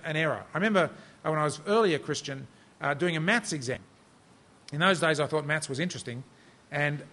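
A man's voice: fairly high pitch, bright, forceful tone. Man preaching a conversational sermon. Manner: conversational, self-deprecating storytelling.

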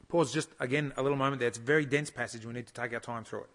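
A man giving an expository sermon at a conference, reading scripture slowly and pausing to explain it with measured emphasis. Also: mid-range voice, steady tone, a bit bright. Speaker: conference speaker teaching the Bible.

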